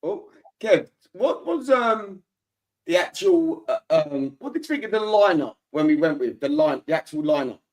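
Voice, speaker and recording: Animated higher-voiced man. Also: normal speed. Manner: animated storytelling, reads out viewer comments. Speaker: podcast host reading comments. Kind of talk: casual football chat.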